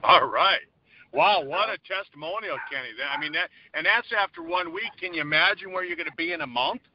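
A man hosting a group call, enthusiastic but halting with many fillers. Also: on the high side, muffled recording, a little hiss or hum.

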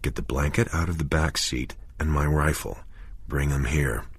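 A man voicing a grim, controlled husband in shock, speaking quietly and in clipped phrases, in an audiobook reading. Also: very deep voice, fairly even intonation, normal speed, breathy edge, no echo, exaggerated voice. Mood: tense.

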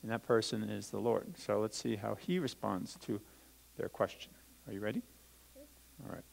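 Gravelly-voiced pastor speaking to children. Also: male voice, on the low side, lively intonation, moderate pace, rough recording. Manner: reads scripture aloud, then explains it simply to children. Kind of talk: children's talk. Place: church sanctuary.

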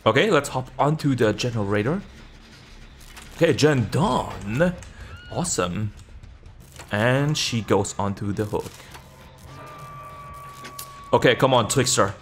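Excitable man giving gameplay commentary. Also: takes it slowly, long pauses, faint music behind. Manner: excitable, jumps to high yelps when tense; swears casually and laughs at himself. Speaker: video game streamer.

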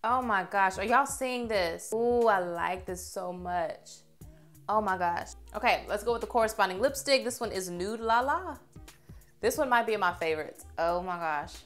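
A young woman reviewing makeup on camera in a chatty, expressive way, gushing over what she tries. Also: mid-range voice, normal speed, soft background music. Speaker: beauty vlogger.

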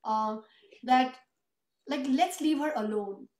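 A woman's voice: high voice, slow pace, a little mellow. A woman telling an emotional family story in earnest, conversational tones during an interview. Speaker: host and author. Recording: roomy echo.

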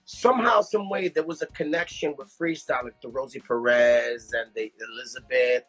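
Husky-voiced guy hosting a phone livestream, stumbles over his words a bit, faint music behind. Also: medium pitch, moderate pace, fairly bright tone. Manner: stammering, repeats words when starting questions. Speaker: livestream interview host. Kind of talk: casual interview.

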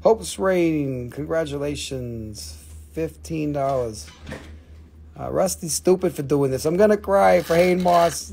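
A fairly high-voiced man runs a live auction of rocks and minerals from his shop. He is excitable, swears freely and mocks himself as he knocks the prices down. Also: a little slow, gravelly, a little hiss or hum. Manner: excitable, swearing, self-mocking. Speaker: live-stream rock seller. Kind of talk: live auction sales stream.

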